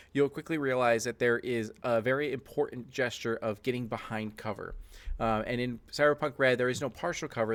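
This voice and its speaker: A man's voice: mid-range voice, a bit bright. A man narrating as game master of a tabletop game, loose and chatty with many fillers.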